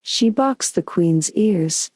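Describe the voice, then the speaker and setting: A woman voicing a timid, anxious male rabbit in a bedtime audiobook reading, hushed and nervous. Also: on the low side, animated, slow pace, dry recording.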